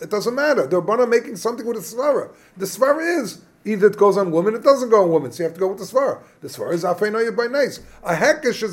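A man leading a Talmud study class, explaining the text animatedly and thinking aloud with quick restarts. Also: sits high. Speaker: Talmud teacher.

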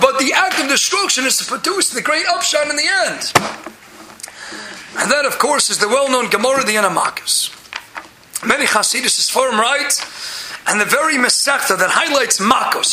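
A man giving a Talmud class in an animated way, often rising into loud emphasis. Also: very high voice, roomy sound, noisy background. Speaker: Torah teacher.

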